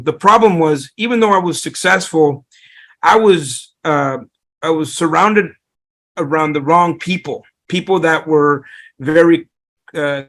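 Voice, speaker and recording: Middle-aged guy in an interview, gravelly voice pitched a bit high, lots of restarts and fillers. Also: fairly bright tone. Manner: rambling with many restarts and fillers. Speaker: real estate investor guest. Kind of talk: conversational interview storytelling.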